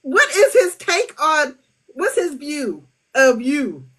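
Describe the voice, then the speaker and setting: A woman's voice: high voice, sing-song, takes it slowly, fairly bright tone, poor audio. A woman hosting a podcast, joking playfully in slangy casual talk with her guest. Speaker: podcast host.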